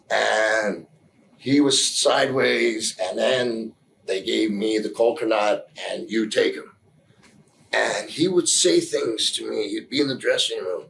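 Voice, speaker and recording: A man being interviewed speaks candidly, his story rambling and halting, full of restarts, earnest and at times emotional. He has a gravelly, mid-range voice, and the rough recording carries a little hiss or hum.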